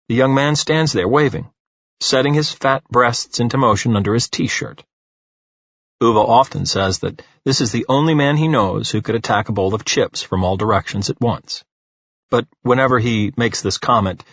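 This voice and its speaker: Husky male audiobook narrator. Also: mid-range voice, fairly bright tone, no room sound, lo-fi sound. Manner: measured, dry storytelling.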